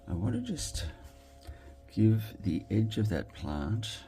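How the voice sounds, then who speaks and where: Slow, gravelly Australian man crafting. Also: fairly low pitch, wildly swooping pitch, warm tone, faint music behind. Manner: chatty, thinks aloud, murmurs approval at his work. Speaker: card-making crafter. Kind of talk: casual commentary while crafting.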